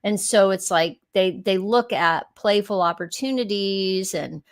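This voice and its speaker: A middle-aged woman co-hosting a casual chat, telling stories in an animated way and acting out quotes. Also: medium pitch, a little slow. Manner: animated storyteller, laughs often, acts out quotes. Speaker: podcast co-host.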